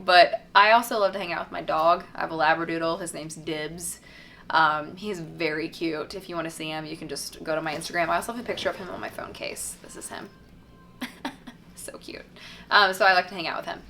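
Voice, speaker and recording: A woman's voice: fairly low pitch, fairly bright tone, slight background noise. A woman from Tennessee, a singer, reading out fan questions and answering them in a chatty, upbeat way with lots of "um" and "like". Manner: chatty and upbeat, many fillers like "um" and "like". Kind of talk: casual fan Q&A.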